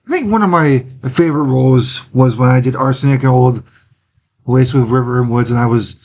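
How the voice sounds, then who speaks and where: A man from Wisconsin, a stage actor guest in a casual interview, cheerful and quick to laugh. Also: mid-range voice, darkish tone.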